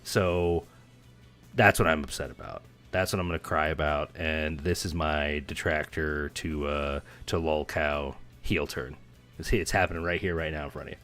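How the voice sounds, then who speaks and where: A man hosting a casual reaction commentary, loud and mocking as he trash-talks. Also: a bass voice, steady tone, moderate pace, soft background music. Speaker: commentary show host.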